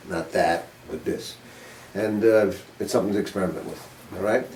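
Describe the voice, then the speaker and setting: An older man teaching a saxophone master class, his low voice loose and chatty as he demonstrates and cracks dry jokes. He is picked up from across a roomy studio, with a faint hiss underneath. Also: a little fast, darkish tone. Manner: casual, demonstrative, joking. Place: music studio with a group. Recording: roomy room, mic at a distance.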